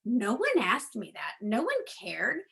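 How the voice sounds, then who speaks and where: Woman, middle-aged, personal testimony, chatty, frequent ums, higher voice, crisp bright tone. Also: wildly swooping pitch, unhurried. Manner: chatty storyteller, acts out quoted dialogue; frequent ums, addresses audience as guys. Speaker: network marketing speaker.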